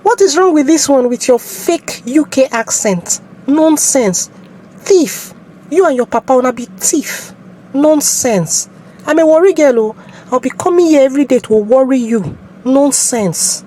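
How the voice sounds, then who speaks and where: A woman with a Nigerian accent playing an aggrieved young shopkeeper who is being evicted, talking loud and emphatic. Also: sits high, animated, unhurried, slight background noise, rough recording. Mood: scolding. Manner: pleading then scolding, loud and emphatic. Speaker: evicted shop tenant in a skit.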